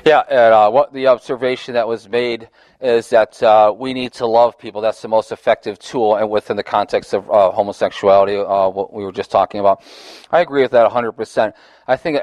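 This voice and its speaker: A man's voice: on the low side, steady tone, a little fast, a little mellow, dry recording. A man leading a Bible study discussion, earnest and conversational, often restarting his phrases.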